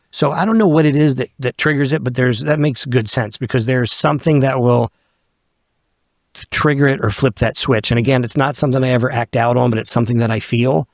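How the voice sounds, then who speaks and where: A man's voice: medium pitch, a little fast, no echo, studio quality. Blunt man in his fifties telling a story. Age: 50s. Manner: blunt, swears freely, acts out quotes. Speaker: guest. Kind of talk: candid storytelling interview.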